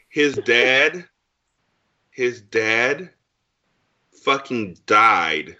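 A man's voice: lowish voice, sharp tone, highs cut off. A man co-hosting a casual movie review chat, ranting bluntly with emphatic profanity. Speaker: podcast co-host.

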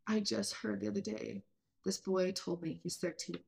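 A woman's voice: medium pitch, steady tone, moderate pace, creaky, a little mellow. A woman in her mid-thirties hosting a parenting podcast, talking earnestly and thinking aloud with many restarts. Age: mid-30s. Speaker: podcast host. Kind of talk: casual parenting podcast chat.

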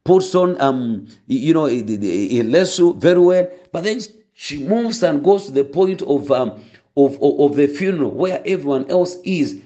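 A man's voice: fairly high pitch, lively intonation, moderate pace, warm tone. A male pastor praying and preaching a sermon, fervent and full of stories. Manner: fervent, storytelling, many restarts. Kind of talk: sermon and prayer. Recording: dull lo-fi recording.

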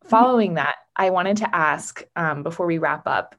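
A woman's voice: lowish voice, moderate pace, fairly bright tone. Admiring woman podcast host. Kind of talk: interview questions.

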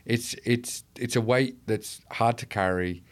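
A man speaking as an interview guest, passionate and rhetorical. He rallies his listeners and leans on well-known quotes. His voice sits at a middling pitch for a man. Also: a little slow. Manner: passionate, rhetorical, quoting often. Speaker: guest, leader of an anti-trafficking charity. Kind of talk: conversational interview.

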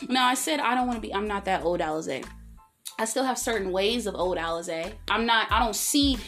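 Animated woman talking openly on a podcast. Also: fairly quick, faint music behind. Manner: expressive, swings pitch and volume for emphasis, acts out quotes. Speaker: podcast host. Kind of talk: candid solo podcast monologue.

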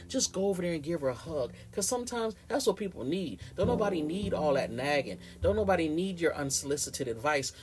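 Man, animated preachy ramble, fairly high voice, guitar music underneath. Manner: animated, preachy, slips into playful mimicry. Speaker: podcast host. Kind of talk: casual spoken ramble.

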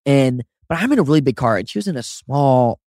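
A man in his twenties co-hosting a podcast in casual chat, telling stories with lively high-voiced impressions of people. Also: fairly quick, no room sound, clean studio sound. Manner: animated storyteller, does high-pitched impressions of others. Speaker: podcast co-host.

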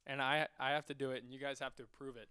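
Young man, podcast co-host, easygoing, smooth voice, dry close sound. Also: medium pitch, little pitch movement, very fast, sharp tone, dry recording. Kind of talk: casual chat.

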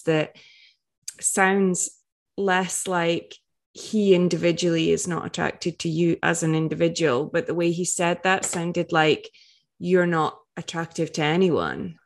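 A woman co-host reflecting in a measured way during a casual interview. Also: on the low side. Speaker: podcast co-host.

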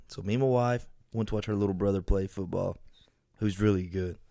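A man tells a story in casual podcast chat. He talks in a profane, animated way and often breaks into acted-out bits of dialogue. The sound is dry and close, with no room echo. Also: lowish voice, normal speed, vocal fry. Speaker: podcast co-host.

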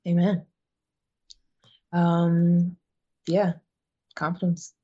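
A woman's voice: lowish voice, monotone, drawn-out words, warm tone, husky, dull audio. A woman speaking as a guest evangelist, preaching in an emphatic way that repeats phrases for emphasis. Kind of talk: preaching in a podcast conversation.

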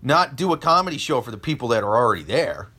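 A man's voice: medium pitch, big pitch swings, fast talker, pushed and bright, slightly rough. A man co-hosting a comedy podcast, riffing crude, absurd jokes in casual banter.

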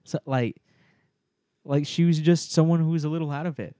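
Speaking briskly with a fairly high pitch, a podcast co-host tells an animated story on a casual show, swearing freely and voicing characters along the way. The sound is clean studio audio with no room sound.

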